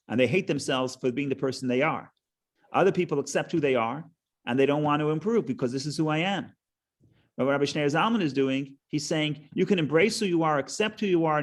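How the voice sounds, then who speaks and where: A middle-aged man teaching a Torah class in a casual, conversational way, restarting phrases and telling a joke. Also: a little high. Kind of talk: casual lecture with stories and a joke.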